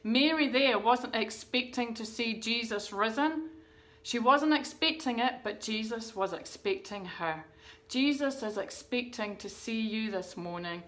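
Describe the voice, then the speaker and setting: A woman's voice: a little high, measured pace, a bit bright. A woman pastor preaching a livestreamed sermon, earnest and rousing, asking the listeners questions. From New Zealand. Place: church livestream.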